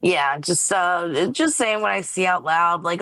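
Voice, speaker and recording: A woman's voice: fairly low pitch, a little slow, a bit bright, dry recording. A woman player in a tabletop game, chatting casually and swearing freely. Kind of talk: casual chat.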